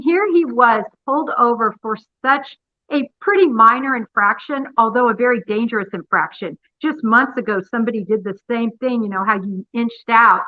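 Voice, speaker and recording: A woman guest analyzing a clip in an interview, emphatic and measured, retelling exchanges. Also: fairly high pitch, no room sound. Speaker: guest commentator. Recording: tinny phone-like remote line.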